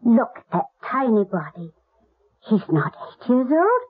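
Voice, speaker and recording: An actress playing a gentle noblewoman in a 1970s radio drama, husky and tearful as she pleads. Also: a little high, sing-song, unhurried, full character voice. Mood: astonished. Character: tender noblewoman mourning a lost son. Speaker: lady of the house. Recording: lo-fi old radio broadcast.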